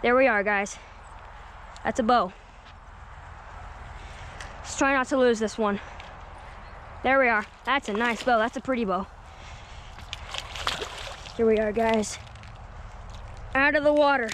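A woman vlogging while fishing outdoors at a lake, excitable and keeps calling out to viewers. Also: a little high, slow pace, long pauses, slight background noise. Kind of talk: excited outdoor vlog commentary. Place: outdoors at a lakeshore.

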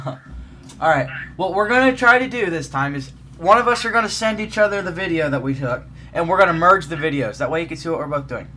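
A young man casually chatting while playing a game with a friend, excitable and prone to yelps and shouts. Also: a little high, brisk, slight background noise. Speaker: gamer co-host. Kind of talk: casual gameplay chat.

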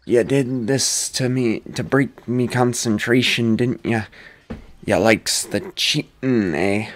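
A man doing a gruff boastful warrior brute. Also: mid-range voice, slow pace, lightly acted. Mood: taunting. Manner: rough folksy brogue, taunting. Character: brawny boastful male warrior, gruff and hot-headed.

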